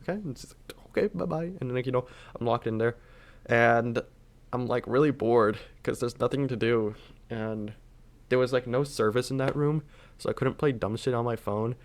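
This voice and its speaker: A man's voice: mid-range voice, fairly even intonation, moderate pace. A young man casually telling a storytime anecdote, rambling and leaning on filler words.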